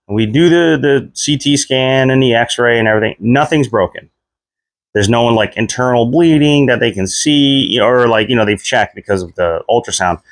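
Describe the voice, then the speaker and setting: A man in his thirties casually telling a personal story, leaping up in pitch whenever he replays his own reactions. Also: normal speed, no echo, studio quality. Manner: animated retelling, voice jumps high when quoting himself. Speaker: vlogger.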